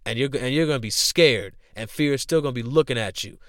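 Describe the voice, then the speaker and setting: Young male podcast host, smooth voice, slangy, profane, repetitive motivational rant. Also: medium pitch, fast, fairly bright tone, dry recording. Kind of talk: casual motivational talk.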